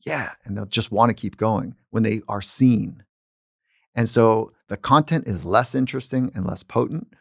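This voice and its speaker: A man who is a psychologist and podcast host, talking in a calm, reflective way in casual conversation. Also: on the low side, moderate pace, vocal fry, no echo, clean studio sound. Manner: calm and reflective, speaking at length.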